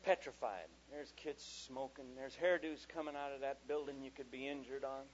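A man telling an animated stand-up story about raising his daughters, switching into character voices. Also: medium pitch, moderate pace. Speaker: comedian. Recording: dull lo-fi live recording with faint noise.

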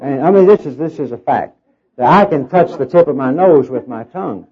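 A middle-aged Southern US preacher with a nasal tone speaks at a medium pitch. He tells his sermon as a folksy, rambling story with easy self-deprecating humor. The recording is dull and lo-fi, like an old sermon tape. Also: expressive, fairly quick, husky. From Oklahoma, raised in Arkansas.

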